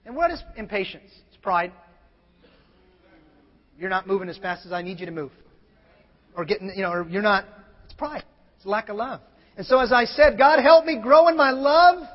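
High-voiced male pastor in a reverberant hall. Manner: swings from shouted scripture to quiet personal confession. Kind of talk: sermon. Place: church sanctuary. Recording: muffled sound in a large reverberant hall.

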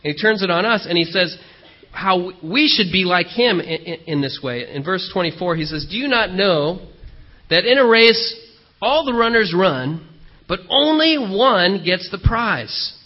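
A man delivers a sermon in a fairly high voice, telling stories in an animated, conversational way with frequent fillers. The church recording sounds dull and lo-fi. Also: unhurried. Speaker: pastor.

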